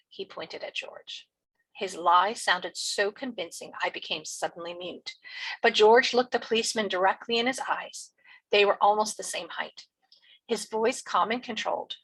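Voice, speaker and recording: Husky woman reading a novel aloud. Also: medium pitch, moderate pace, a bit bright, rough recording. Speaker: teacher.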